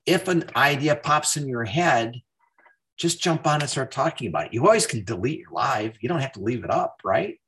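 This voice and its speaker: Guy hosting a chatty interview, tells stories and does the voices of people he quotes, normal middle pitch. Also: moderate pace. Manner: animated storyteller, acts out quoted dialogue. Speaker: podcast host. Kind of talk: casual interview chat.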